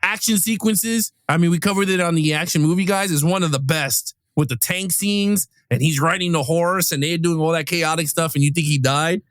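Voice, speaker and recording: Guy with a high voice, acting out movie scenes and laughing, dry close mic podcast. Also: a little fast, few pauses, no room sound. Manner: animated, acts out film lines with laughter. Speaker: podcast co-host. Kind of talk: casual movie review chat.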